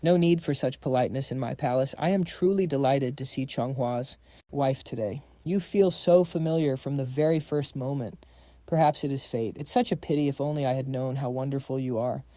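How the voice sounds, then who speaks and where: A man reading the lines of a sweet-talking palace noble consort, with effusive, flattering speech. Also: mid-range voice, brisk, no echo, close to an everyday voice.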